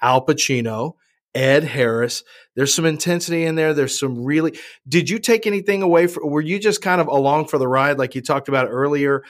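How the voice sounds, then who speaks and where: A man's voice: on the high side, fairly quick. A man interviewing a guest in a casual chat, asking long, winding questions. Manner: conversational, asks rambling questions.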